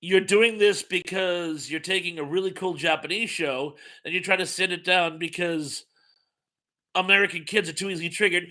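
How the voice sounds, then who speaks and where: A man's voice: sits high, normal speed, pushed and bright. A man in his fifties hosting a casual live chat, reading viewer comments aloud and chatting between them with plenty of fillers. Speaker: host.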